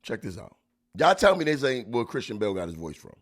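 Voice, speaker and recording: Animated, joking podcast host. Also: male voice, medium pitch, quick pace, very noisy. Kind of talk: casual podcast chat.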